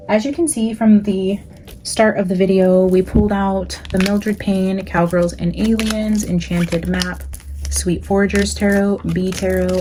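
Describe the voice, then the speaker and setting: A woman's voice: medium pitch, dark tone, a little hiss or hum. A young adult woman with a Californian accent, a psychic tarot reader chatting casually with her viewers and praying aloud. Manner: chatty, talks straight to viewers as "guys". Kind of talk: casual chat with viewers and spoken prayer.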